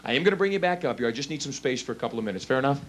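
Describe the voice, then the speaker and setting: A man's voice: medium pitch, lively intonation, very fast. A man working as a stage hypnotist, giving playful commands to volunteers in front of a live theater audience. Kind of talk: live stage show patter.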